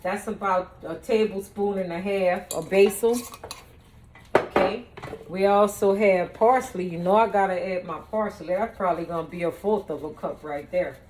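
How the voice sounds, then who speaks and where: This home cook and vlogger has a medium-pitched, darkish voice and talks at normal speed. Cooking in her own kitchen, she playfully chats straight to the camera in a casual demonstration.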